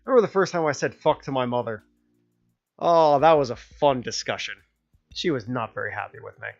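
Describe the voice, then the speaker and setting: A man's voice: medium pitch, expressive, brisk, gravelly. A young man streaming a dating game, joking and narrating as he plays. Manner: jokey, switches between narration and character voices. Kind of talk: voicing a dating game playthrough. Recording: slightly dull lo-fi sound with faint music.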